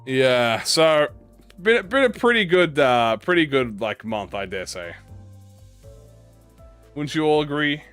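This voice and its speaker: Excitable, profane young man telling stories. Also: fairly high pitch, slow, pauses often, clear, resonant tone, faint music behind. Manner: profane, excitable, lots of restarts. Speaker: gaming YouTuber. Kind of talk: casual rambling anecdote.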